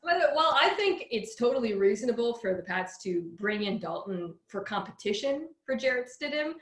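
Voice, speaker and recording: A woman co-hosting a sports talk show, giving quick, lively analysis in a casual chat. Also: a little high, roomy sound.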